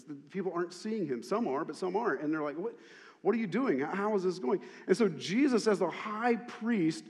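A man's voice: high voice, darkish tone. A male pastor preaching a sermon, telling the story animatedly with lots of repetition. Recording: long hall reverb.

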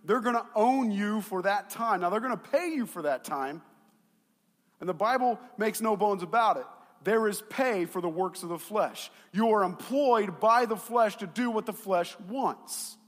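A middle-aged male pastor preaching a sermon, telling a personal story in an animated way, with quiet asides that build to shouts. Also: high voice, normal speed. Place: church sanctuary. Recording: long hall reverb.

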